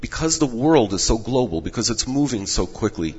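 A man who directs rabbinic placement, giving measured advice in an interview while losing his voice. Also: medium pitch, sing-song, darkish tone, breathy edge. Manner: measured, advising. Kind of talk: explanatory interview answers. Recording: echoey dull room audio.

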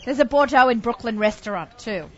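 A woman hosting a casual wine-tasting chat, eager and quick to react, chatting with her guest. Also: a little high, lo-fi sound. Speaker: show host.

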